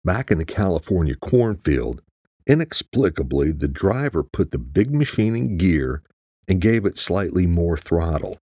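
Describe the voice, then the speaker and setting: A man narrating a thriller audiobook in a steady, husky voice. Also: low voice, unhurried, no echo, clean studio sound. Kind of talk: scripted narration.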